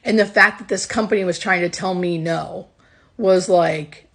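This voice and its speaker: Husky, gravelly-voiced nurse telling a story. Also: female voice, fairly low pitch, steady tone, a little slow, a bit bright. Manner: earnest and emotional, close to tears. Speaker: hospice nurse. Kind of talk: casual personal storytelling.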